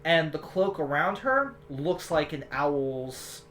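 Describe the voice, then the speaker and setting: A woman running a tabletop game as game master, describing the scene in rambling, self-correcting narration. Her voice sits a little low but swings a lot. A faint hum of noise lies under it. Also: lively intonation, slow pace, a bit bright.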